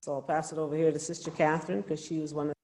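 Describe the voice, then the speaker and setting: A woman's voice: sits low, level tone, rapid-fire, dark tone. A woman volunteer casually recounting delivering homemade wreaths, in a hesitant way. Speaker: volunteer who made wreaths. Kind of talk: casual storytelling.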